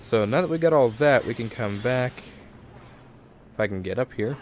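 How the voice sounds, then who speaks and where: A man's voice: mid-range voice, expressive, normal speed, darkish tone, a little hiss or hum. A young man giving casual let's play commentary into a desk microphone, rambling and correcting himself as he thinks aloud.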